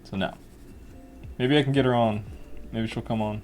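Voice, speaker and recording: A cartoonist casually talking through a drawing lesson in a relaxed, rambling way. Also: male voice, medium pitch, moderate pace, soft background music. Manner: relaxed, rambling, laughs often.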